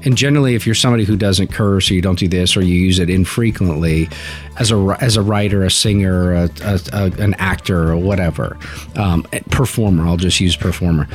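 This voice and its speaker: A man's voice: deep voice, brisk, faint music behind. A man co-hosting a casual podcast chat, telling a long, winding story. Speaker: podcast co-host.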